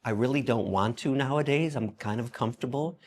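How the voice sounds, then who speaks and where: A man in his fifties, an interview guest who tells stories in an animated, profane way and acts out the quotes. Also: medium pitch, a little fast, slight background noise. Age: 50s. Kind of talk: storytelling in a conversational interview.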